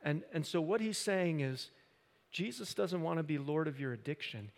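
Impassioned preacher in a reverberant hall. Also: male voice, on the high side, expressive, normal speed, gravelly. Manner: impassioned, building from quiet to loud emphasis. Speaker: pastor. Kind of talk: sermon. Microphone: handheld or stand microphone.

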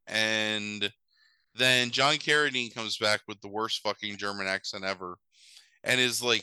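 A man's voice: lowish voice, normal speed, sharp tone, clean tone, no room sound, poor audio. A man hosting a podcast, recapping a film in casual chat, rambling and swearing, with many fillers and asides.

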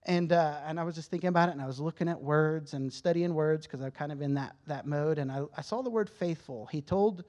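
A man's voice: a little high, fairly quick, few pauses, darkish tone, highs cut off. A man giving a candid, conversational sermon-style testimony to a church, emotional at times and often restarting his sentences. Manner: conversational, candid, self-correcting. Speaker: church speaker.

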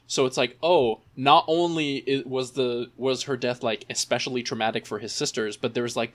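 A man chatting casually as co-host of an anime recap show. He rambles with plenty of fillers and slips into playful little voices for the characters' thoughts. His pitch sits at an ordinary middle height for a man. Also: fairly bright tone. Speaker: podcast co-host.

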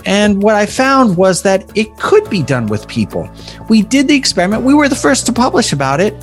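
A man voicing an elderly male physiatrist in his nineties with a New York accent, telling a story slowly. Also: high-pitched, big pitch swings, faint music behind, pitched above the performer's own voice. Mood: reminiscing. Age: 90s. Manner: slow, reminiscing storyteller.

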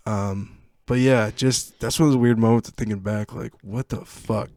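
A young podcast co-host tells a childhood story in casual conversation, laughing often and animatedly acting out what people said. His voice is on the low side at a moderate pace, recorded with studio quality and no echo.

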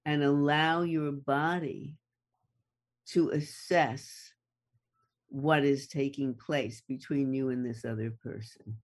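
A guest speaker in a conversation who talks at an unhurried, drawn-out pace. The delivery is measured and deliberate. Key words are repeated for emphasis. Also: mid-range voice. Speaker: guest expert on attachment. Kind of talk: slow, deliberate explaining in conversation.

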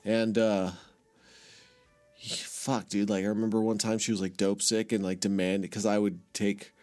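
A man's voice: fairly low pitch, level tone, measured pace, darkish tone, faint music behind. A man telling a long personal story in casual podcast chat, rambling and swearing with lots of filler words and self-mocking asides. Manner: self-mocking, laughs at himself.

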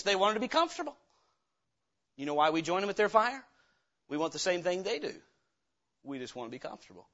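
A man, a pastor, preaching a sermon with rhetorical questions and sudden swings from hushed to loud. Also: a little high, dull audio.

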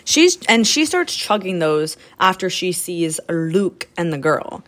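A woman co-hosting a podcast, chatting casually about a movie, lively and quick to laugh as she acts out scenes. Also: lowish voice. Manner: animated, laughs often, acts out quoted lines. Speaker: podcast co-host. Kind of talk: casual chat recapping a movie.

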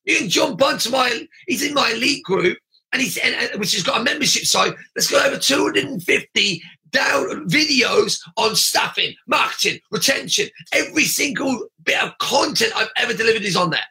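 A man's voice: extremely high pitch, animated, moderate pace, creaky, bright, forceful tone. A middle-aged man coaching martial arts school owners in a blunt, emphatic podcast monologue, often raising his voice and repeating himself.

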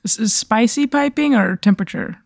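A woman as a podcast guest, playing along with deadpan, playful asides in casual comedy chat. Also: fairly high pitch, brisk, creaky, no echo, studio quality.

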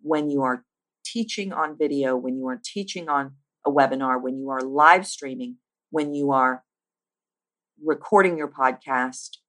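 A woman with a low voice coaches listeners on how to speak. She drives her points home with punchy repeated phrases and lets deliberate pauses hang after the important lines. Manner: emphatic, builds lists with rising force. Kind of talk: teaching monologue.

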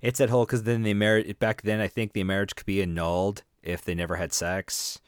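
A man's voice: on the low side, little pitch movement, brisk, smooth, dry recording, clean studio sound. A man co-hosting a casual book podcast, giving wry comments and mock-quoting characters. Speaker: podcast co-host.

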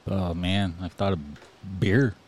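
A man's voice: sits low, steady tone, slow, darkish tone. A man chatting casually on a podcast, laughing often as he tells stories. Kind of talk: casual chat.

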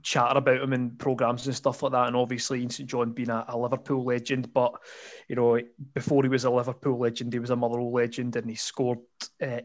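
A man's voice: medium pitch, fast talker. Chatty Scottish man spinning a yarn. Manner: animated, laughs often, lots of fillers and asides. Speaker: podcast guest storyteller. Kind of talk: casual anecdote telling.

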